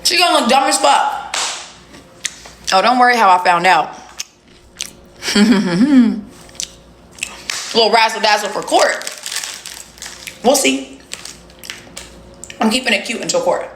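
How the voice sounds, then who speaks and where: A woman's voice: fairly high pitch, expressive, takes it slowly, long pauses, fairly bright tone, echoey room, slight background noise. Blunt, profane woman. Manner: blunt, profane, talks straight to viewers. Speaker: livestream host. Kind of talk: casual livestream chat.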